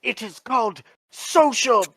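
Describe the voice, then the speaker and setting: A man putting on a shouting man from an overacted, dubbed religious film, with stilted, over-pronounced speech. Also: very high-pitched, unhurried, no room sound, pitched above the performer's own voice, full character voice. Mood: pompous proclaiming.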